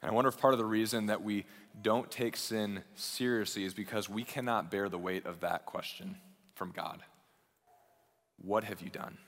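A man preaching a sermon as a pastor, shifting between raised intensity and hushed, quiet passages. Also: fairly low pitch, steady tone, normal speed. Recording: long hall reverb.

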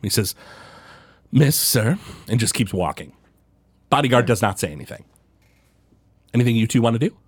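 A young man runs a tabletop game, describing the scene in a loose, rambling way. His pitch leaps up and down, and the recording is close and dry. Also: animated, fairly quick, long pauses, no room sound. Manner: rambling, lots of fillers, pitch jumping around. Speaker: game master.

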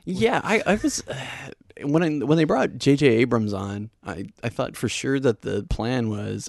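A man with a low, gravelly voice talks in an easygoing, laid-back way, often breaking into a laugh. The sound is close and dry, with no room echo. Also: lively intonation, measured pace, a little mellow. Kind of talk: casual chat.

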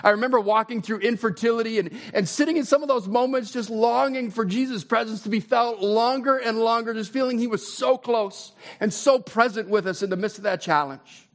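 A man preaching a sermon in a conversational way, his voice climbing when he gets excited. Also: very high voice, fairly quick, hardly any pauses. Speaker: pastor.

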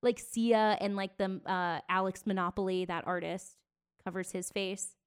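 A woman co-hosting a casual podcast, trading celebrity gossip in a chatty way. Her voice sits at an ordinary middle pitch. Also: fairly even intonation, moderate pace, smooth. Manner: chatty, gossipy storytelling with bursts of laughter. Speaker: podcast co-host. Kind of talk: casual chat.

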